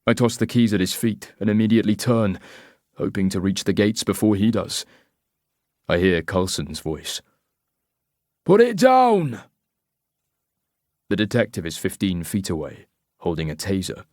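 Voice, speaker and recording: A man reading a first-person thriller audiobook in a measured, tense, clipped way. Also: deep voice, steady tone, darkish tone, no echo, clean studio sound. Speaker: audiobook narrator.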